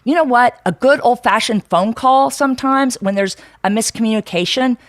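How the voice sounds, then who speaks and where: A woman's voice: a little high, normal speed, dry recording, clean studio sound. Chatty frank woman podcast co-host. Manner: chatty, frank, many fillers and restarts. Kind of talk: casual podcast talk.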